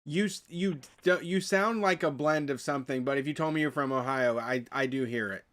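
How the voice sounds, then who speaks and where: A man's voice: fairly high pitch, brisk, fairly bright tone. A man co-hosting a call-in radio show, joking around and laughing often. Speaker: radio host. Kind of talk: casual chat.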